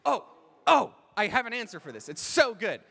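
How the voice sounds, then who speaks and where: A man's voice: very high voice, big pitch swings, moderate pace, vocal fry, pushed and bright. Rambling young man at a convention panel. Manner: rambling, laughing, restarts often. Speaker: animator answering fan questions. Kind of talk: live fan Q&A panel. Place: large convention hall, in front of an audience. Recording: echoey convention hall PA.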